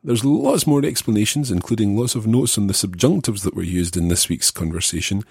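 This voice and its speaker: Male podcast teacher with a head cold, patient and measured; low, husky, dry close sound. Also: expressive, a little mellow, dry recording. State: stuffed up with a cold. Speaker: language podcast host. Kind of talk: explaining grammar in a podcast.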